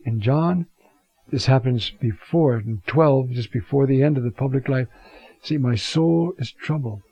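Slow, husky male Bible teacher. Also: medium pitch, mellow, no echo. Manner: slow, reflective, reads passages aloud with emphasis. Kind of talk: scripture lecture. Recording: dull lo-fi sound.

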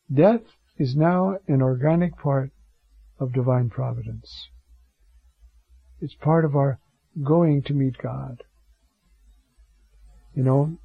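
A man, a priest, giving an informal homily on scripture, conversational and digressive, dropping to a soft hush when he quotes a prayer. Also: on the high side, vocal fry, husky, no room sound, muffled recording.

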